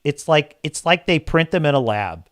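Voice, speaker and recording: A man's voice: a little high, very animated, normal speed, a bit bright, no echo, studio quality. A man hosting a live podcast, ranting in a crude, sarcastic, exasperated tone. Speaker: podcast host. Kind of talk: casual live-show rant.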